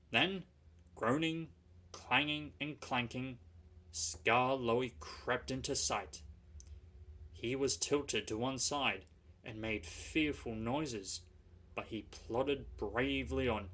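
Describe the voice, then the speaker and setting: Slow, measured male storyteller. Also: medium pitch, a bit bright. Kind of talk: reading a children's story.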